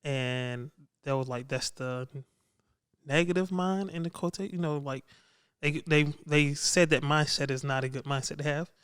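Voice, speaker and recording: A man hosting a podcast talks in a slightly raised pitch with a smooth, clear voice. He sounds hyped and slangy, and the recording is dry and close. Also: fairly even intonation, unhurried, fairly bright tone, dry recording. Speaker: podcast host. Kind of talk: casual podcast chat.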